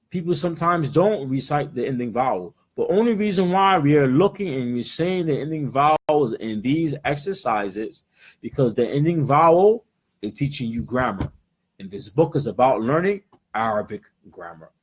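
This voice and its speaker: An American man teaches Arabic to students in person, explaining patiently, mixing English and Arabic words, and asking "right?" again and again. His voice is a little high and husky.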